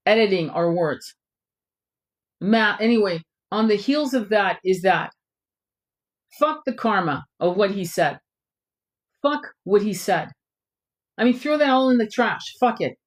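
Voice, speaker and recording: A woman's voice: medium pitch, animated, a little slow, long pauses. A middle-aged woman hosting her own channel, delivering a blunt, profanity-laced rant straight to camera. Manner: blunt, swearing, ranting. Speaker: tarot channel host. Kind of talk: impassioned monologue to camera.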